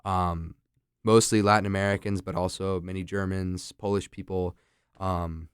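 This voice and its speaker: A man's voice: low-pitched, flat delivery, moderate pace, clear, resonant tone, dry recording, studio quality. A young man who teaches English, chatting easygoingly and enthusiastically as a podcast guest. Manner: enthusiastic, easygoing, laughs along. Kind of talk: casual podcast chat.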